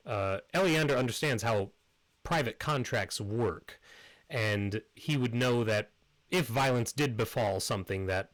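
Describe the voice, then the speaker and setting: A man voicing a smooth, careful male town councilman who speaks formally, with hesitant fillers. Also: on the low side, a bit bright, no room sound, low-quality recording.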